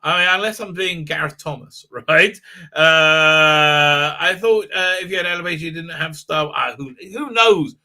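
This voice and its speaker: A middle-aged man chatting on a live stream, rambling from one comment to the next with plenty of ums and laughs. His voice is very bright and a little high for a man, and it jumps up when he gets excited. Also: moderate pace. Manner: excitable, rambling, laughs often, many fillers. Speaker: livestream host reading chat. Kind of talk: casual live chat.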